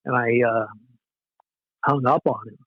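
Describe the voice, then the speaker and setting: A man in his forties from Southern California recounts old times as a podcast guest. He is easygoing and anecdotal and often laughs at himself. His voice sits at a middling pitch, and the recording is dry, slightly dull and lo-fi. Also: fairly even intonation, measured pace, no room sound. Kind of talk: casual storytelling in a podcast interview.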